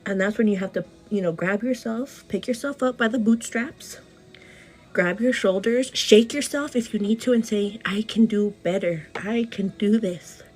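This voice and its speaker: A young woman talks fast and passionately into her phone camera at home, doing her makeup as she goes. She keeps calling the viewer "girl" and leans on "you know" while giving an earnest pep talk. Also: medium pitch, darkish tone, rough recording. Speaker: beauty vlogger. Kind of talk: get-ready-with-me motivational chat. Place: home, indoors.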